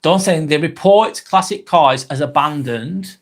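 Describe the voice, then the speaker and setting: A man's voice: a little high, measured pace. A British man hosting a live vlog, chatting casually and reading out viewer comments, rambling onto tangents and swearing freely. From Britain.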